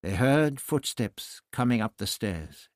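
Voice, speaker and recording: A man narrating a novel aloud as an audiobook, in a measured, even storytelling manner. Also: mid-range voice, dry recording, clean studio sound. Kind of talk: scripted narration.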